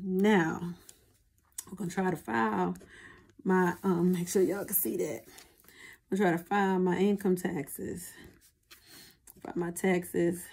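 A woman's voice: on the low side, vocal fry, a little mellow. A woman chatting casually to her viewers as a budgeting vlogger, often calling them y'all.

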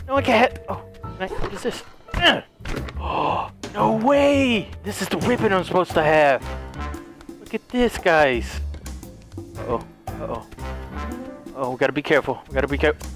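A man giving excitable let's play commentary, yelling, gasping and talking in first person as the character he plays. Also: sits high, normal speed, vocal fry, pauses often, soft background music. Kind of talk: gaming commentary.

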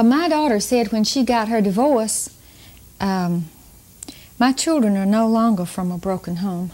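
An older woman teaching about parenting, telling family stories to an audience in a slow, emphatic way with chuckles. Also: medium pitch. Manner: warm storytelling, slow emphatic delivery with chuckles. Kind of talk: storytelling talk to an audience.

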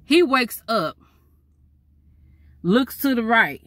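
Lively woman telling a story. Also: high-pitched, moderate pace, pauses often, a little hiss or hum. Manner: lively, chatty, talks straight to viewers. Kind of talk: animated storytime vlog.

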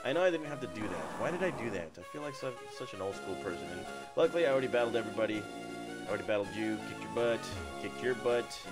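A man chatting casually through a video game walkthrough, offhand and joking, often trailing off. His pitch moves lively, rising and dropping. Game music plays under the talk. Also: fast. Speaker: gameplay commentator.

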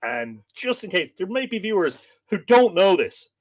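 An Irish man with a high-pitched voice hosts a casual live-stream chat at a moderate pace. He jokes and laughs a lot while telling lively stories.

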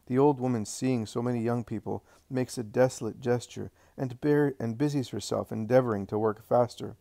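A man narrating a devotional text in a measured, solemn audiobook reading. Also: medium pitch, fairly even intonation, vocal fry, warm tone, dry recording, clean studio sound.

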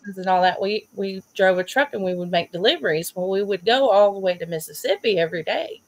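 A woman with a Southern US accent, hosting a stream and telling stories in a casual, animated way, laughing often. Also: mid-range voice, fairly quick. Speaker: host. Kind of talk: casual storytelling chat.

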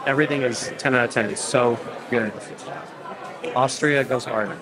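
Young man, casual travel vlog host, jokey and rambling, mid-range voice, clear background noise on a handheld recording. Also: medium pitch, steady tone, normal speed, over a noisy crowd. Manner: joking, chatty, rambling. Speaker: travel vlogger. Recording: handheld camera with ambient noise.

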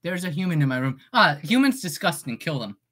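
A woman voicing a sneering villainous demon that looks down on humans, in a low menacing drawl. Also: big pitch swings, fairly quick, a bit bright, slightly rough, heavily acted.

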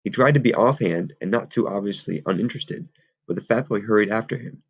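Gravelly low-voiced man reading a novel. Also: a little fast, dry recording. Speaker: audiobook reader. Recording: dull lo-fi recording.

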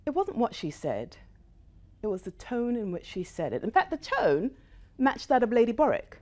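Animated woman speaker with lively pitch. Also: moderate pace. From United States. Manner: animated storyteller, shifting into quoted voices. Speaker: guest speaker. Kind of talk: motivational talk to a live audience.

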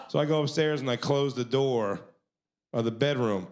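A man's voice: mid-range voice, normal speed, pauses often. Profane male stand-up storyteller. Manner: profane, laughs through his lines. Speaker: stand-up comedian. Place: comedy club stage.

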